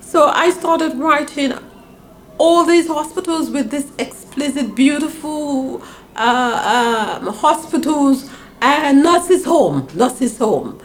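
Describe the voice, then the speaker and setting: A woman's voice: slow pace, a little hiss or hum. An older woman from Grenada, telling stories about her past in an interview and acting out her parents' voices. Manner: animated, acts out her parents' voices with big pitch swings. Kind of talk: reminiscing storytelling.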